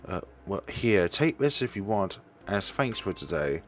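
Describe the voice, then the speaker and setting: A man's voice: deep voice, very animated, unhurried, pitched above the performer's own voice. A man doing a flustered, grateful warehouse owner. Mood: relieved. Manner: flustered, thankful.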